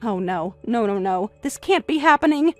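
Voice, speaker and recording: Shrill, insistent middle-aged mother, read by a woman, high and swooping, soft music behind. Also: animated, normal speed, natural voice. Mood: defensive.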